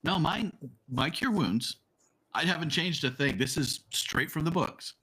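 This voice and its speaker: A man's voice: on the high side, expressive, pushed and bright, husky. A man playing a tabletop game, eagerly cutting in to check the rules. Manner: eager, interjecting quickly. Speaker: player.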